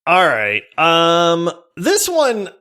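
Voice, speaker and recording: A man co-hosting a podcast, telling a story in an animated way, laughing and breaking into near-shouts. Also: fairly high pitch, drawn-out words, clear, resonant tone. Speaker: podcast co-host.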